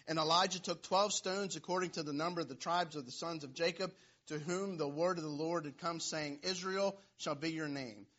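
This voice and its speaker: Husky pastor telling a lively story. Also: male voice, fairly high pitch, moderate pace. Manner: storytelling, playful, jokey asides. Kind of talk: sermon. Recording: dull, lo-fi sound.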